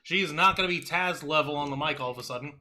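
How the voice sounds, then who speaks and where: A man co-hosting a wrestling review podcast in casual chat, excitable and profane, quick to laugh and shout. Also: a little high, background noise.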